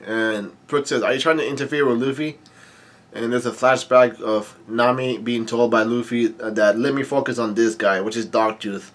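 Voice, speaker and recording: A man's voice: mid-range voice, fairly even intonation, normal speed, fairly bright tone. A man hosting a manga read-along, reading lines aloud and rambling through his commentary with many fillers and restarts. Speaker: manga reading channel host.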